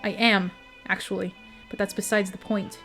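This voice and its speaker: A woman's voice: mid-range voice, flat delivery, moderate pace, a bit bright, faint music behind, natural voice. A woman reading as a stern, exasperated young king.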